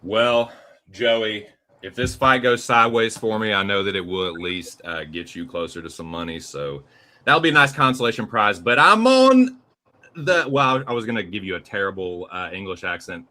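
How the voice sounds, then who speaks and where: Lively, bright-voiced man talking fight bets. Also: fairly low pitch, normal speed. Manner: loose, profane, chatty. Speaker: podcast co-host and betting analyst. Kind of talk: casual betting talk.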